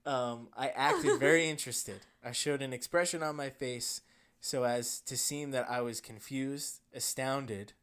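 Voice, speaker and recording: A man with a New Jersey accent, co-hosting a podcast in casual chat, reading a story with a deadpan delivery and bursts of laughter. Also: mid-range voice, a little slow, clear, resonant tone. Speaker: podcast co-host.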